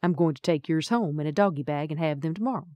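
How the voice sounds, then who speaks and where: A woman's voice: low-pitched, fast, darkish tone, dry recording, close to an everyday voice. A woman voicing a sly, teasing male judge in an audiobook. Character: sly middle-aged male small-town judge.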